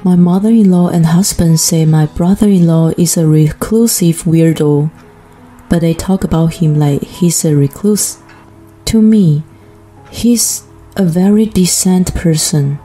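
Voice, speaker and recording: A woman narrates a first-person story in a flat, even reading voice. Her tone is mellow and slightly low, and her pace is very slow. Soft music plays faintly underneath.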